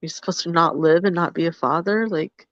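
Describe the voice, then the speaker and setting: A woman's voice: on the low side, dry recording. Female co-host, frank and teasing, stop-start delivery; dry, a bit muffled recording. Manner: frank, teasing, halting with restarts. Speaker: podcast co-host. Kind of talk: live podcast talk.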